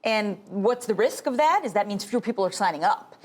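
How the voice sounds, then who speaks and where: A middle-aged woman talks as a guest on a TV interview show. She explains policy in a measured, patient way. Her pitch is lively and moves up and down a lot. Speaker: guest, health policy expert.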